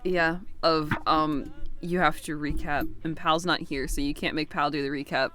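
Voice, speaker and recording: A woman's voice: low-pitched, fairly even intonation, moderate pace, pushed and bright, faint music behind. A woman acting as game master, teasing her players in casual chat and swearing freely.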